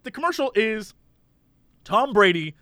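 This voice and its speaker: A young man with a very high, bright voice, sarcastically riffing as a co-host in casual comedy banter. His pitch leaps around wildly, and the sound is dry and close with no room behind it. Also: very animated, unhurried, no echo. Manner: sarcastic, jumps into silly put-on voices. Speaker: podcast co-host.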